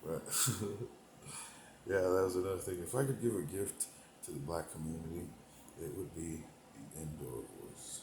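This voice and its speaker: A man with a fairly low voice rambles through a profane comedic monologue, drifting from thought to thought and chuckling to himself. He lurches between sudden loud bursts and half-mumbled asides. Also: moderate pace, long pauses, echoey room, noisy background. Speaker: comedic performer.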